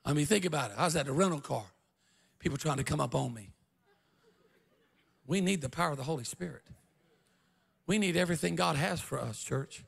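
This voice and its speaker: A middle-aged male pastor, preaching a revival sermon and telling stories in an animated way, often shouting and laughing. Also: fairly high pitch, a little fast, vocal fry, long pauses, breathy edge.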